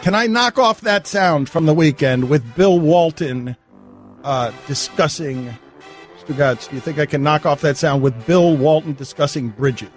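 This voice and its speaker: Man, radio host, loose banter, giggly, cues clips, high voice, with soft music under it. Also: a little slow. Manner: laughs often, cues sound clips. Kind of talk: casual sports radio banter.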